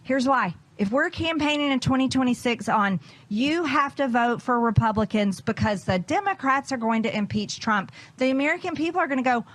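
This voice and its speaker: A woman's voice: high voice, expressive, a little fast, few pauses. A woman politician giving a TV news interview, pressing her points hard and repeating them for emphasis.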